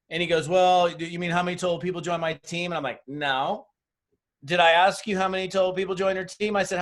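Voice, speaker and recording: A man's voice: fairly high pitch, a bit bright. A middle-aged man giving blunt, tough business training on a webinar, telling stories with acted-out dialogue. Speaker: network marketing trainer. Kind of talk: motivational webinar talk. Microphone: webinar mic.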